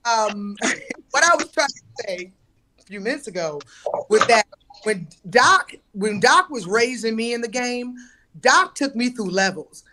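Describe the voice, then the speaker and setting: A woman's voice: a little high, pushed and bright, slight background noise. A woman comedian, assertive, telling about her start in comedy. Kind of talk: casual chat.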